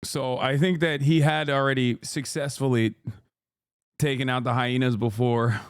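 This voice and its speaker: A streamer musing in a smooth, dry voice. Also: male voice, mid-range voice, steady tone, normal speed, no room sound. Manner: musing and joking. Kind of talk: casual reaction commentary.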